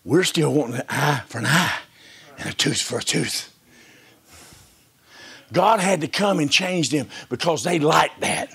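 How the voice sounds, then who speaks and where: A male preacher delivers a sermon with a high, gravelly voice that leaps around in pitch. He talks in a folksy, repetitive way, fires rhetorical questions, and swings between near-whispers and shouts. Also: animated, a little slow, long pauses. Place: church service.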